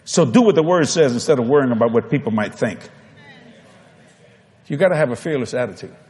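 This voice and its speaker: A man with a Cajun accent preaching a folksy storytelling sermon, swinging from loud to soft. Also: mid-range voice, expressive, fairly quick. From Louisiana.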